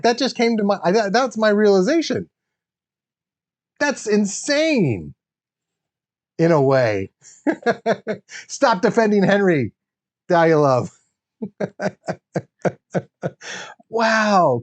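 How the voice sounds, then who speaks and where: Excitable guy rambling on a livestream while building a toy set, kinda high voice that bounces all over. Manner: rambling, excitable, laughs often. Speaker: livestream host.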